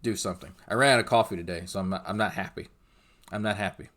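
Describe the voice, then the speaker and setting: A man's voice: low voice, quick pace, a bit bright. A middle-aged man hosting a commentary channel, mocking and ranting in a crude, sarcastic way.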